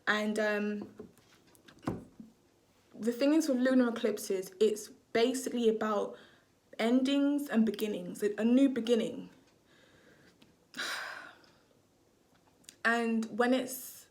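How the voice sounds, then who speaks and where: A woman's voice: a little high, slow pace, long pauses, a little mellow. A woman astrologer talking casually to camera, rambling, swearing freely and often losing her train of thought.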